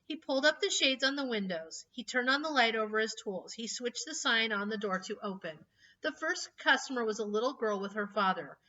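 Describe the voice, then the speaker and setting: A woman reads a children's storybook aloud with a bright, fairly high voice and plenty of feeling. She sits a little back from the mic, and the recording sounds dull and lo-fi. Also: a little fast. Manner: expressive, emotional storytelling. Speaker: reader. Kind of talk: reading a children's book aloud. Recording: slightly distant, dull lo-fi mic.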